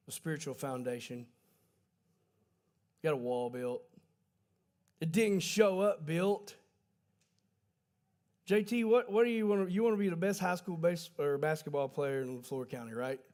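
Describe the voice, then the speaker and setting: Folksy preacher, on the high side. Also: male voice, unhurried, pauses often, darkish tone. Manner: folksy, conversational storytelling with self-corrections. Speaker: pastor. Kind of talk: sermon. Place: church livestream.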